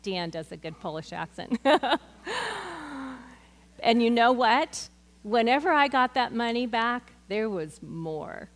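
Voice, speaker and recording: A woman's voice: mid-range voice, long reverb tail. A woman teaching a Bible study in an earnest, conversational way, mixing scripture with personal stories.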